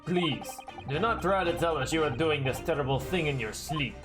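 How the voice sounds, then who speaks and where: A man voicing a gruff male Russian sailor interrogating a stowaway, with a put-on Russian accent and stiff, broken phrasing, over game music. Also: a little high, normal speed, natural voice. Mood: menacing.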